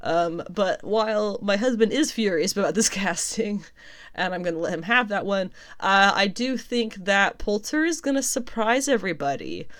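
A young adult woman hosting casual pop culture news commentary, chatty and quick to laugh, often stopping to correct herself. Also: medium pitch, lively intonation, fairly bright tone.

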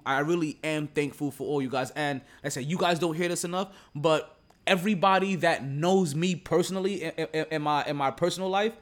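A man hosting a sports podcast in casual chat, rambling and repeating words, laughing often, recorded away from home at a relative's house. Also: on the high side. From Jamaica. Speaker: podcast host. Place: relative's home, not a studio.

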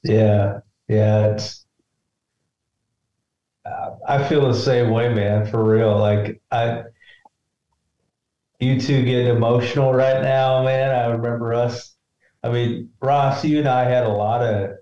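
A man answering his friends in casual chat, thoughtful and unhurried. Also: mid-range voice, steady tone, warm tone. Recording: echoey dull room audio.

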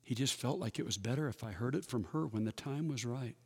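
A man's voice: mid-range voice, quick pace, darkish tone, breathy edge. A man in his fifties speaking at a church workshop, telling personal stories in a folksy, conversational way and acting out the dialogue. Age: 50s. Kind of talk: personal storytelling talk. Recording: long reverb of a large hall.

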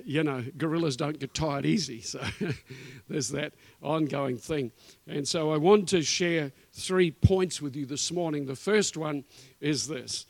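A man's voice: a little high, vocal fry, no echo. A man preaching as a guest speaker in a church, emphatic and repetitive, with casual asides. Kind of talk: sermon.

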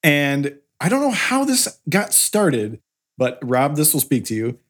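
A man's voice: fairly high pitch, sing-song, measured pace, fairly bright tone. A man from Iowa co-hosting a podcast, telling a rambling story with laughs and apologies. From Iowa, USA. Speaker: podcast co-host. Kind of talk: casual chat.

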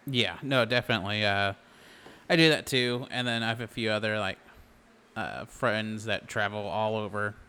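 A man's voice: lowish voice, steady tone, normal speed, sharp tone, clear, resonant tone. A man co-hosting a podcast, talking in a laid-back, agreeable way and swearing casually. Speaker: podcast co-host. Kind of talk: casual chat, movie review.

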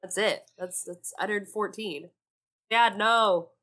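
A woman co-hosting a casual book discussion podcast, animated and sarcastic, swearing freely. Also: mid-range voice, takes it slowly. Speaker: podcast co-host.

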